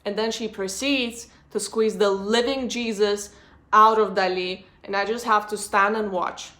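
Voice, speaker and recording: A woman's voice: mid-range voice, steady tone, measured pace, sharp tone. A woman vlogger giving a frank, blunt personal monologue about human nature.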